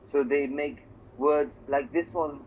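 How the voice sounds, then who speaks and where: A man's voice: a little high, fairly even intonation, slow pace, darkish tone, slight background noise, rough recording. A man from England teaching a one-on-one English lesson, explaining patiently with examples and checking that his student follows. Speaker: English tutor.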